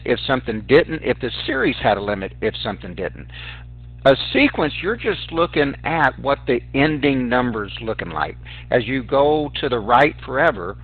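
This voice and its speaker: A male math teacher walking students through sequences step by step on a calculator, talking to them directly as "guys". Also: mid-range voice. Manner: explains calculator steps aloud, addresses students as guys. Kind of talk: recorded math lesson. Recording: dry, tinny phone-like sound.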